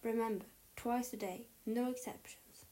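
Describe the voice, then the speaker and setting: A woman reading aloud, voicing a brisk, stern female school matron with crisp, instructive delivery. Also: a little high, fairly even intonation, dark tone, natural voice.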